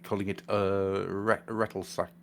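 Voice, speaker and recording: A man's voice: sits low, little pitch movement, unhurried, a little hiss or hum. A man hosting a casual podcast chat, joking and laughing often. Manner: jokey, laughs often, puts on silly voices. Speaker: podcast host.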